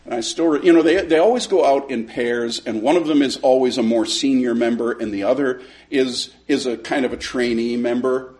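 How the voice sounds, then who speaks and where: A man teaching a Sunday school class, retelling a conversation in an animated way and often repeating words as he starts a sentence. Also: mid-range voice, a little fast, few pauses. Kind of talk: storytelling Bible lesson.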